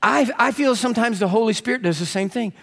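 A man preaching a sermon, telling stories and acting out voices with lively, animated delivery. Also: fast, creaky. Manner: animated, rising to high excited pitch when quoting. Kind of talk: sermon with storytelling. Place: church sanctuary. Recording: long reverb of a church sanctuary.

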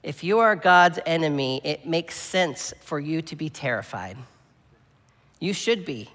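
A man preaching a sermon with earnest emphasis, swinging between strong peaks and quiet, low passages. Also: lively intonation, measured pace, long reverb tail. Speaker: pastor.

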